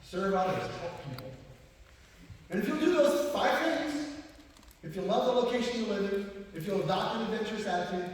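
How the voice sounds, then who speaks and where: A man giving a live motivational talk, telling stories in a lively way and laughing often. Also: high voice, a little fast. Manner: storytelling, animated, laughs often. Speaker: motivational speaker. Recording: echoey hall from far off.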